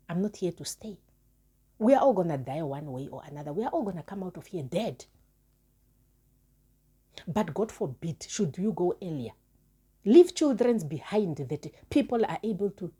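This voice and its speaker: A woman's voice: lowish voice, dark tone, husky. A woman vlogger giving an impassioned moral talk to her viewers, earnest and emphatic, repeating words for stress. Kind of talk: impassioned moral address to camera.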